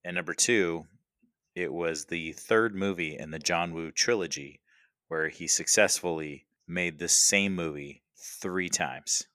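A man's voice: low-pitched, measured pace, sharp tone, dry recording, clean studio sound. A man co-hosting a casual movie podcast, upbeat and joking in easy banter. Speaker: podcast co-host.

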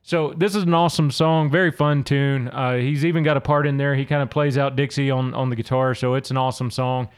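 A man's voice: mid-range voice, steady tone, a little fast, hardly any pauses, clean tone. A man from Louisiana, hosting a solo podcast and casually talking through song lyrics. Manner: casual, conversational, reads lyrics aloud between explanations. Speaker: podcast host.

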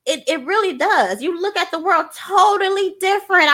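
A woman working as a transparency coach, talking in a casual, energetic and emphatic way, often repeating her phrases. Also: extremely high pitch, normal speed. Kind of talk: casual chat.

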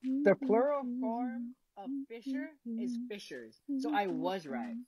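A woman's voice: fairly high pitch, very animated, slow pace, crowd noise, poor audio. A young woman vlogging casually, rambling with lots of fillers and frequent giggles while she eats. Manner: eating while talking. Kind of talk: casual chat.

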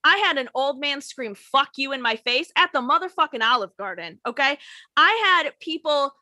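A young woman venting in casual conversation, her voice high and bright. She tells blunt, profane stories and mimics the customers. The sound is dry and close, with no room echo. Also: expressive, normal speed. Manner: blunt, profane storytelling with mocked customer quotes. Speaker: former waitress and bartender. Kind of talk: casual chat.

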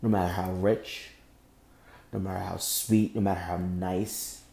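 Angry, emotional man with a low, dark voice. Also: little pitch movement, measured pace, gravelly, reverberant. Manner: angry, emotional, repeats and restarts. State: emotionally shaken. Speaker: podcast host. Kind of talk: impassioned solo podcast monologue.

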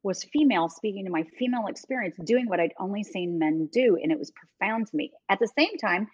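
A middle-aged woman telling stories as a guest, animated, often laughing and breaking off mid-sentence. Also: mid-range voice, fast, slightly rough, dry recording, lo-fi sound. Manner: animated, laughing, self-interrupting. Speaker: guest, ministry leader. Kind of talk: conversational storytelling.

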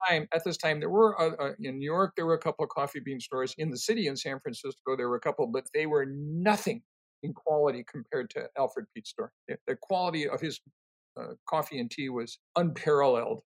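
An older man answering interview questions, telling rambling, animated stories full of fillers and restarts. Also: on the high side, brisk. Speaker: interview guest, company co-founder.

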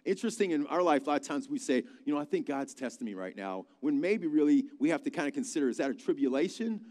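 A man's voice: a little high, quick pace. Male pastor, chatty storytelling sermon, recorded in a big reverberant hall. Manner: conversational, animated storytelling with asides. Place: large church hall.

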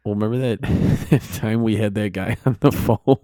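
A man's voice: on the low side, moderate pace, dark tone, no room sound, clean studio sound. A man co-hosting a podcast, chatting casually and laughing as he tells old stories. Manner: laughing, reminiscing storyteller. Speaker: podcast co-host. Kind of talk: casual chat.

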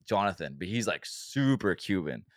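A young man co-hosting a podcast, telling stories in a relaxed, laughing way and swearing a lot. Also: low-pitched, moderate pace, dry recording, studio quality. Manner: laid-back, swears a lot, laughs often. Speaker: podcast co-host. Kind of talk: casual chat.

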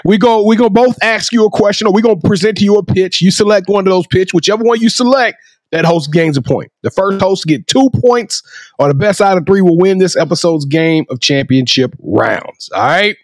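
High voiced guy hosting a sports chat show, hypes his guest up, stumbles over words, dry close sound. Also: fairly quick, dry recording. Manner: playful, hypes the guest, stammers and repeats words. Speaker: host. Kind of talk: casual interview.

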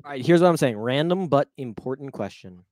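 A man's voice: medium pitch, a little fast, no echo. Rambling young man on a dry mic. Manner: rambling, excitable, trails off. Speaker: podcast co-host. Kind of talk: casual chat.

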